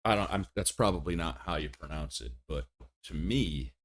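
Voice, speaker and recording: A man's voice: deep voice, expressive, moderate pace, fairly bright tone. A man giving casual commentary while streaming a game, chatty and thinking aloud, often laughing at himself. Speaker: livestreamer.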